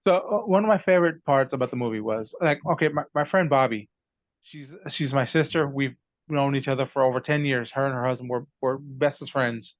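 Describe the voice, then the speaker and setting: A man's voice: mid-range voice, a little fast, no room sound, lo-fi sound. A man from Texas, a podcast guest who works as a tribute artist for a famous singer, telling rambling stories with frequent laughs. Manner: rambling storyteller, laughs often. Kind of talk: casual podcast chat.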